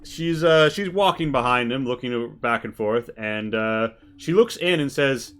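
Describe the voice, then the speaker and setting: A man's voice: mid-range voice, animated, measured pace, hardly any pauses, a bit bright, clean tone. A man running a tabletop role-playing game as game master, mixing casual rules talk and narration with many fillers.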